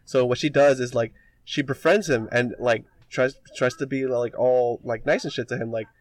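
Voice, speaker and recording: A man's voice: medium pitch, normal speed, no room sound. A man co-hosting a podcast, rambling through a story retelling with lots of filler words and casual swearing. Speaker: podcast co-host.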